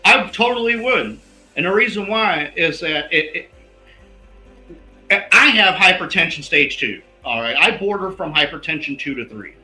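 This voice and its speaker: A man with a bright, forceful, slightly high voice argues his points emphatically, punctuating nearly every thought with "all right". The sound is roomy and echoey, with faint music underneath. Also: expressive, moderate pace. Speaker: investigative guest. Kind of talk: heated interview talk.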